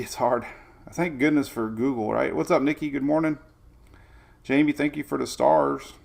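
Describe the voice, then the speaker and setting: Gravelly-voiced man hosting weather livestream. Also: on the high side. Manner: energetic, rambling, greets viewers by name. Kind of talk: casual livestream chat.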